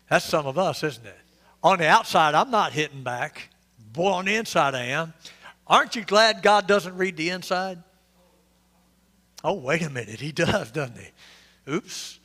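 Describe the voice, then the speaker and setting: A man's voice: a little high, expressive, normal speed, sharp tone, long reverb tail. A male pastor, preaching an interactive, joking sermon and questioning his congregation. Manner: conversational, quizzing the congregation, joking asides. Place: church sanctuary.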